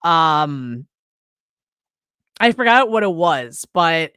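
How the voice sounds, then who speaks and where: A woman's voice: low voice, very animated, extremely slow, a bit bright, clear, resonant tone, no room sound. Woman rambling about a horror movie on a podcast, cusses a lot, dry close mic, does little voices for people. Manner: rambling, swears freely, acts out scenes in quoted voices. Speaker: podcast co-host. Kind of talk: casual movie review chat.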